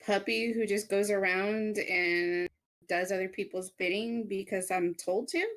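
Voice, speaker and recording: A woman's voice: mid-range voice, steady tone, a little slow, close to an everyday voice. A woman voicing a fed-up young woman who scolds in a firm, clipped way. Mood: stern.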